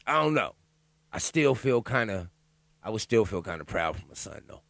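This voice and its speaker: A man delivers a profane, joking solo commentary, his pitch leaping high and dropping low as he riffs. He stops now and then to read a news item aloud in halting bits. The sound is dry and close, with no room echo. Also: gravelly. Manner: loud, profane, animated riffing with laughs and asides; reads news out loud haltingly. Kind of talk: casual profane commentary monologue.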